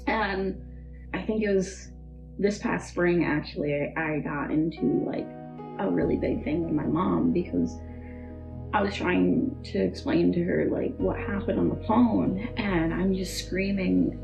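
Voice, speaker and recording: A young woman with a somewhat low voice and a gravelly edge, talking haltingly as she recounts personal hardship. The recording is dull and muffled, with faint music underneath. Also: steady tone. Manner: halting, full of "like" and "um". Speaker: interview guest. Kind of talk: emotional personal testimony.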